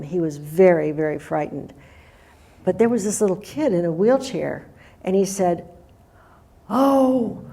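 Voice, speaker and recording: An older woman tells a story in a loose, chatty way, circling back and restarting her sentences. Her voice sits a little low and sounds mellow and soft-edged. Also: vocal fry. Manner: meandering, with restarts and acted-out quotes. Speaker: guest storyteller. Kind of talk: casual spoken storytelling.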